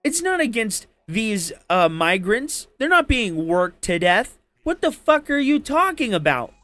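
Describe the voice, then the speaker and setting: A man's voice: sits high, very animated, measured pace, sharp tone, dry recording, faint music behind. A man arguing politics heatedly, cursing and throwing insults at his opponent. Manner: angry, profane, insulting. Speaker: debate participant.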